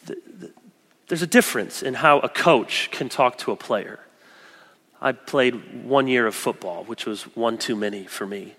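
A man preaching a sermon as pastor, animated, swinging between loud emphasis and soft, gentle quoted asides. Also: medium pitch, a little slow. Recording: long echoey church hall.

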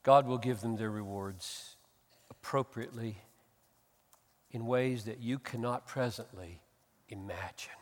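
A man's voice: mid-range voice, measured pace, long pauses. Impassioned male preacher in a reverberant hall. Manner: emphatic preaching, swelling to loud impassioned peaks. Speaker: pastor. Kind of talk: sermon. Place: church.

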